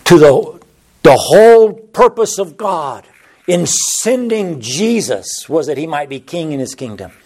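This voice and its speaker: Slow impassioned male preacher, high-pitched. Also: big pitch swings, darkish tone. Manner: impassioned, rising pitch on repeated phrases. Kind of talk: sermon.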